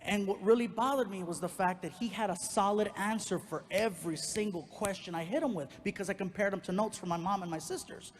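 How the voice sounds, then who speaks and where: High-voiced comedian on a reverberant stage. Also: male voice, brisk, few pauses. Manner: animated, acting out quoted people in the story. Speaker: stand-up comedian. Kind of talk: stand-up storytelling. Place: comedy stage before a live audience.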